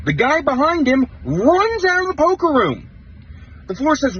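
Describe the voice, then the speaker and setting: A young man telling a heated story of being cheated at a poker table, animated and swearing casually. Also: extremely high pitch, normal speed, dull audio, a little hiss or hum. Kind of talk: clip of a player recounting a tournament.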